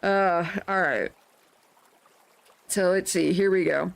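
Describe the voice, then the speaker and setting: A woman's voice: lowish voice, takes it slowly, creaky. A woman hosting a livestream, talking casually with her chat. She is playful and laughs often, and she tosses out mock-offended comebacks when teased.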